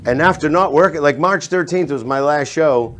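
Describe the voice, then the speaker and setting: A middle-aged man with a Boston accent, a stand-up comedian in casual chat, telling animated stories and laughing at his own jokes. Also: fairly high pitch, normal speed. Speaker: comedian guest.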